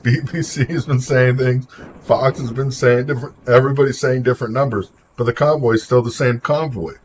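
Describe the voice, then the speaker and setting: A man with a mid-range voice and fairly flat intonation hosts a live stream, speaking a bit fast over faint hiss or hum. He reacts to chat comments casually and opinionatedly, replying to viewers by name.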